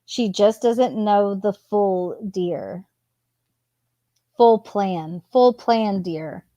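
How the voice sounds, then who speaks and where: A woman hosting her channel, reading text messages aloud in a plain, unhurried way and adding casual asides between them. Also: medium pitch, mellow, no echo, lo-fi sound. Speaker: channel host.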